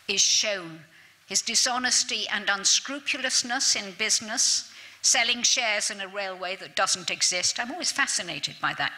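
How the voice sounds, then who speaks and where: A woman giving a literature lecture at a summer school, chatty and lively, with asides to her audience and little self-mocking remarks. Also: mid-range voice. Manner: self-deprecating, laughs at herself.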